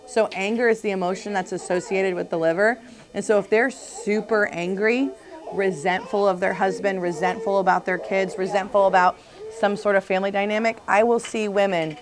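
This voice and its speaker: A woman's voice: mid-range voice, darkish tone. A woman chiropractor leading a casual group talk, chatty, laughing often and acting out what her patients say.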